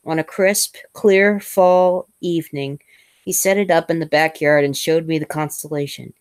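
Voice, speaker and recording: A woman reading a first-person novel aloud as host, in a measured way with small slips and restarts. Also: low voice, steady tone, clean tone, dry recording.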